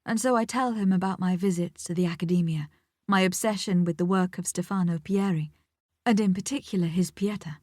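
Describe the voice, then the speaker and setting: A woman narrating an audiobook in the first person, measured and intimate, sometimes dropping almost to a whisper. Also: on the low side, darkish tone, no room sound, studio quality.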